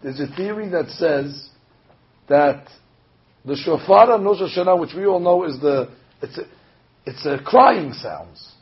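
A man, a rabbi, preaching a sermon with animated storytelling, acting out the voices he quotes. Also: a little high, a little slow, pauses often. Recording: dull lo-fi recording.

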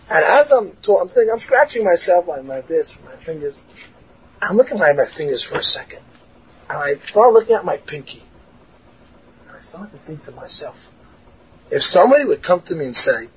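A man with a high, husky voice gives a Torah lecture full of stories. He acts out each quote with lively energy and laughs often. The recording sounds dull and lo-fi. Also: brisk, pauses often. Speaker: rabbi teaching a class.

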